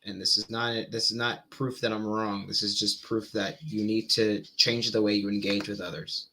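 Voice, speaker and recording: A man commenting on a debate clip in casual chat, thinking aloud, halting and repeating words as he goes. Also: fairly low pitch, level tone, pushed and bright.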